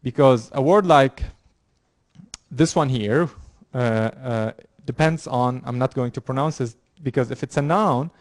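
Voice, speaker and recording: A man's voice: mid-range voice, dry recording. A man lecturing a university class, explaining with frequent fillers, repeated words and restarts. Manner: halting, many fillers and restarts. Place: lecture room.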